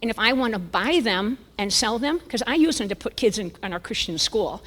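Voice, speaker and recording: A woman's voice: fairly high pitch, brisk. Older woman in her 70s, conference speaker, self-mocking humor, reverberant church sanctuary. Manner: lively, self-mocking, chuckling storyteller. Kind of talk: humorous storytelling talk.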